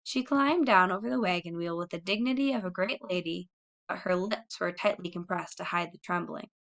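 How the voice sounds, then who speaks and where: Bright-voiced woman reading a children's classic. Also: lowish voice, a little fast. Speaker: audiobook narrator. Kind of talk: scripted narration.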